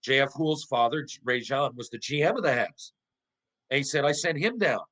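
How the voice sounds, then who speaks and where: Telling stories on a podcast, this middle-aged ex-pro hockey player speaks briskly in a mid-range voice. He's animated and profane, frequently restarts, and poses rhetorical questions, all in a low-quality recording.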